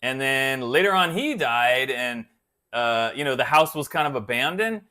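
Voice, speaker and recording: A man's voice: mid-range voice, animated, moderate pace, bright, forceful tone. A man hosting a guitar channel, chatting casually on a live stream and rambling until he loses his thread.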